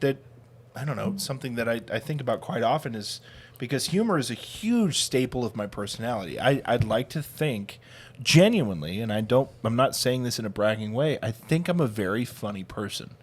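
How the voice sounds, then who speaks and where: A man's voice: medium pitch, expressive, brisk, slightly rough. A man in his thirties, a podcast co-host, telling funny family stories in a casual, sarcastic way and laughing often. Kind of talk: casual chat.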